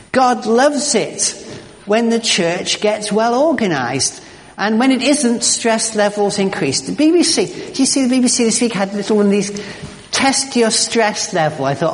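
Man preaching in echoing church. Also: high voice. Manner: emphatic, animated, stumbling repeats. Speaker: pastor. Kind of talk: sermon. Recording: long church reverb.

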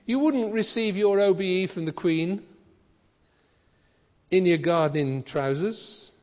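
A man preaches a sermon in a conversational style, posing questions to his listeners. His voice is high, a little mellow, and measured in pace. The recording is dull, with reverb from a hall.

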